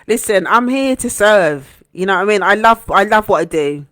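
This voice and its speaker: A woman hosting a heartfelt motivational live stream as a coach, earnest and gentle, repeating phrases for emphasis. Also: mid-range voice, lively intonation, moderate pace, no echo, clean studio sound. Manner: gentle, encouraging.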